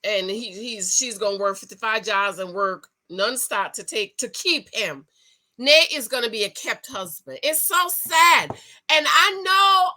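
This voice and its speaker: A woman giving sassy, animated commentary on a reality show, with features and lots of restarts. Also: fairly high pitch. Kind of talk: casual opinion review.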